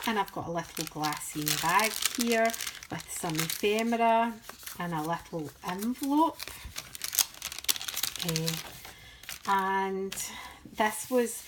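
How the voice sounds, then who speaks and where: A woman from the United Kingdom talks through her craft work at an unhurried, easy pace. Her voice sits in a middle pitch, and she rambles a little and pokes fun at her own skills as she goes. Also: background noise. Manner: chatty and rambling, self-deprecating. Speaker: craft vlogger. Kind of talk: casual craft show-and-tell.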